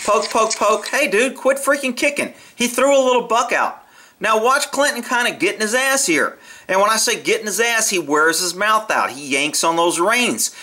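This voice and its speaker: Brief: male video commentator, high and bright, blunt and profane, casual opinionated delivery. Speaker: video commentator on horse training.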